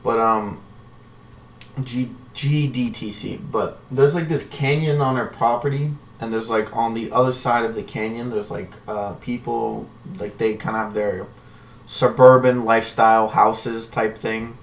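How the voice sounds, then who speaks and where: A man's voice: medium pitch, fairly even intonation, a little slow, creaky. A man hosting a live trading stream, talking casually and ramblingly in a slangy way. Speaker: livestream stock trading host. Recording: distant from the mic with faint noise.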